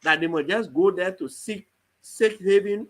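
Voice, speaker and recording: Pressing high-voiced man. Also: measured pace, low-quality recording. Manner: pressing, argumentative questioning. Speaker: opposition party official. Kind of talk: political talk show debate.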